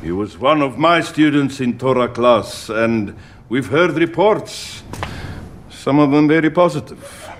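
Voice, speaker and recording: An actor playing a rabbi in a series, speaking with a put-on Middle Eastern accent in a slow, measured way. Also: male voice, medium pitch, expressive, close to an everyday voice. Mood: proud. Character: synagogue rabbi introducing a former student, older man. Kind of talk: scripted series acting. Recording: faint noise, clip played from a series.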